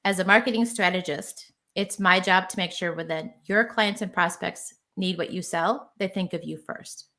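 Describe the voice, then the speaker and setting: A woman's voice: on the low side, normal speed, few pauses, bright, forceful tone. A woman guest in an interview, a marketing strategist explaining her ideas with confidence. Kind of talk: casual interview chat.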